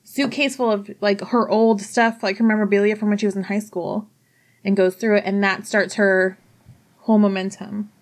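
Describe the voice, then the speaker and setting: A woman casually retelling a movie plot, animated and profane, acting out quotes along the way. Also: mid-range voice, moderate pace. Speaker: podcast co-host. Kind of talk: casual chat.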